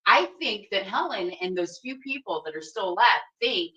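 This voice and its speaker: A woman's voice: medium pitch, lively intonation, moderate pace, pushed and bright, husky, dull audio. A woman co-hosting a casual stream chat, prompting her guest and pushing the talk along.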